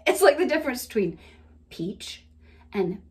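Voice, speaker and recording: A woman's voice: medium pitch, big pitch swings, normal speed. A woman with a Southern American accent leading a playful laughter session, breaking into laughter often. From Southern United States. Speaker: laughter practice leader.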